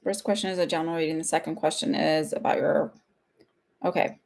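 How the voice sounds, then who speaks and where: Chatty, rambling woman, slightly low voice. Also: steady tone, fairly quick, creaky, darkish tone. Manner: chatty, rambling, laughs often. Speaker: psychic medium hosting live readings. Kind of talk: casual livestream chat.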